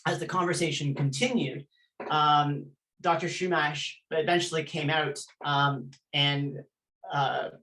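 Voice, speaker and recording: A woman's voice: low-pitched, a bit bright, poor audio. A woman, a former elite athlete, earnestly recounting her own history as an interview guest, often restarting her sentences. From Canada. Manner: earnest, intense, frequent restarts while recounting.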